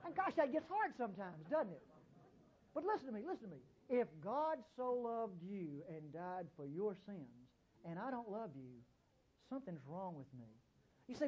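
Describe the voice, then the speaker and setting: A man preaching a sermon, emphatic and often repeating "listen to me," with sudden jumps in pitch and loudness. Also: very animated, normal speed, husky, muffled recording.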